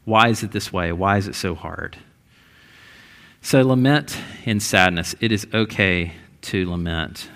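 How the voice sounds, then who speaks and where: Bright-voiced male pastor preaching. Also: low voice, a little slow. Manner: conversational with many restarts, rising emphatic stretches. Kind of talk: sermon.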